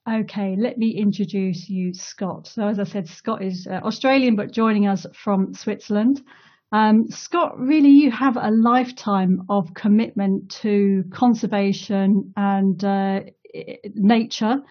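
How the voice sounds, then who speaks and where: A woman's voice: mid-range voice, fairly even intonation, a little slow, muffled recording. A woman hosting a casual online interview, chatty, laughing easily and using many fillers, speaking over a video call. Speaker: host of an online community talk.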